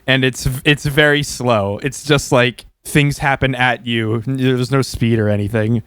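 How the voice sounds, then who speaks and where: A man's voice: mid-range voice, a little slow, smooth, no echo, clean studio sound. A young man on a podcast telling a childhood story in casual, laughing, profane chat. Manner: laughing, swearing, animated storyteller. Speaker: podcast co-host.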